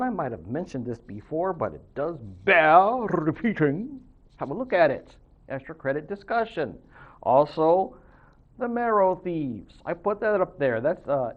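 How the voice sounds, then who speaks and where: A man's voice: a little high, lo-fi sound. A man speaking as a college professor in a recorded lecture, chatty and full of joking asides.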